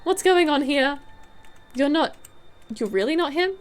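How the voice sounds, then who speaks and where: Male detective, put-on Australian accent, brisk and questioning, voiced by a woman streamer. Video game voice. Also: high voice, animated, soft background music, voice pushed up.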